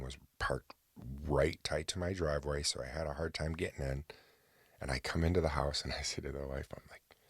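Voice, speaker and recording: A man's voice: extremely low pitch, breathy edge, dry recording, clean studio sound. A man hosting a podcast, telling a personal story in a chatty rambling way with hesitant restarts. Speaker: podcast host. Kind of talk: casual rambling monologue.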